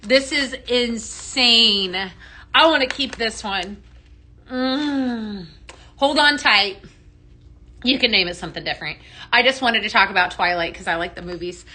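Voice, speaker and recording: A woman's voice: fairly high pitch, a little slow, sharp tone, a little hiss or hum. A woman with a Texan accent hosting a casual live stream, chatty and bubbly, greeting viewers by name and laughing often. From Texas. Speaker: live-stream host mixing fragrances. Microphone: phone.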